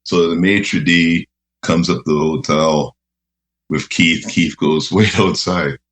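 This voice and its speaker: Guest: very low-voiced man, unhurried, chuckles through goofy stories. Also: steady tone, a bit bright. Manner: laughing, rambling anecdotes, says "eh". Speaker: radio host guest. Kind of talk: casual storytelling.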